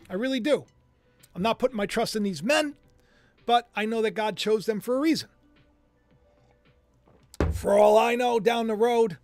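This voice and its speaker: A man's voice: high voice, no echo. A man hosting his own channel, talking casually in a rambling way and often repeating himself. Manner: rambling, repeats phrases, chatty. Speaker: channel host. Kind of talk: casual commentary livestream.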